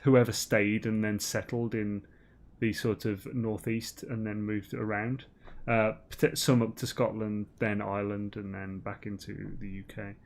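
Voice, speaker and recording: A man's voice: fairly low pitch, level tone, unhurried, creaky. A man streaming a game, chatting in a rambling, giggly way full of ums and restarts. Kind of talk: casual gaming banter.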